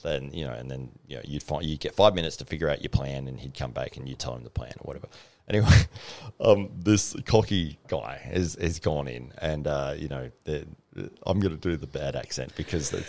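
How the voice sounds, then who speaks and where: A man hosts a relaxed podcast chat, telling stories with plenty of fillers and laughter. His voice sits very low. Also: brisk. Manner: chatty, laughing, lots of fillers. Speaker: podcast host. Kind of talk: casual chat, storytelling.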